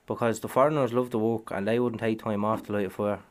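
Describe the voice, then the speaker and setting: A man co-hosting a casual podcast, telling lively, laughing stories and putting on the voices of workmates. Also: fairly low pitch, fast talker. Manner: loud laughing storyteller, puts on voices of workmates. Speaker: podcast co-host. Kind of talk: casual banter.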